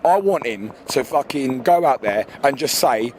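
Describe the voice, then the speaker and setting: A man's voice: mid-range voice, lively intonation, normal speed, few pauses, slight background noise. A man, ranting furiously and swearing as a football fan outdoors after a match. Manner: furious, sweary, shouting over himself. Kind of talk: angry fan rant.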